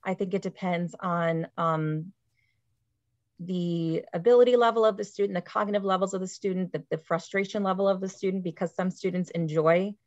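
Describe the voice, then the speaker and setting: Lower woman teacher, dull lo-fi call. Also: steady tone, moderate pace, darkish tone, no room sound. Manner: explanatory, tags points with "right?". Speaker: presenter, literacy teacher. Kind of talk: webinar presentation. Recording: dry, dull lo-fi call audio.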